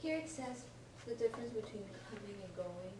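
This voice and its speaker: A woman's voice: mid-range voice, animated, a little fast. Brief: tentative woman learner, distant mic, echoey room with noise behind. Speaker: student. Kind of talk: asking questions in a lesson.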